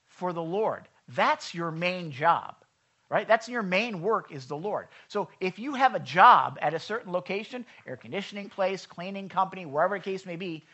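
Preaching at a church service, a man speaks in a loose, conversational manner and asks the congregation questions. He is a pastor whose high-pitched voice sounds sharp and husky, captured in lo-fi quality.

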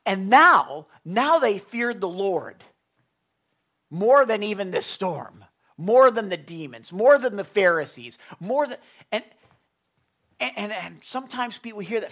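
A man's voice: high-pitched, very animated, takes it slowly, fairly bright tone. A man of Italian background preaching a sermon as pastor, earnest and conversational, with frequent restarts.

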